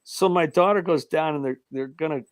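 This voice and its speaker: A man's voice: fairly high pitch, brisk, smooth, dry recording, studio quality. A man telling stories in casual chat, acting out voices, laughing often and stammering as he talks. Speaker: guest telling of sightings.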